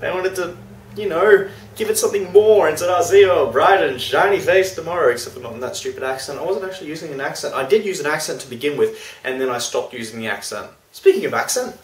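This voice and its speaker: A man's voice: fairly high pitch, fast, slight background noise. A young man talking casually and self-deprecatingly in a video diary, recorded from a distance in a room. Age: young adult. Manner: chatty, self-deprecating, animated. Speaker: vlogger. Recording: roomy, distant mic.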